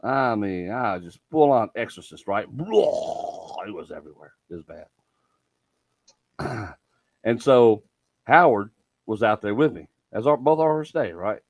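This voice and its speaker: A middle-aged man, hosting a casual chat and telling stories in an animated way, swearing freely. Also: lowish voice, a little slow, no room sound, poor audio. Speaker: podcast host.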